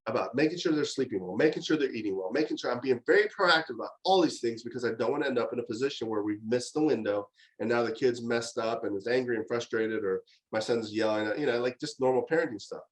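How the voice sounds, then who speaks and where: A middle-aged man giving a conversational university lecture on parenting, telling stories in an animated way with frequent fillers and restarts. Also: medium pitch, quick pace, hardly any pauses, low-quality recording.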